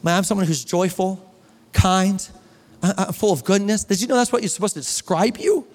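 A man preaching a sermon to his congregation in a church, energetic and building to near-shouts. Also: high voice, a little fast. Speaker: pastor. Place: church sanctuary. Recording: long reverb of a hall.

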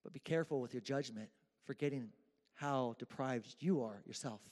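A man's voice: medium pitch, normal speed, a little mellow. A man preaching a sermon in a church, casual and joking with slang. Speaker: pastor. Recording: echoey church hall.

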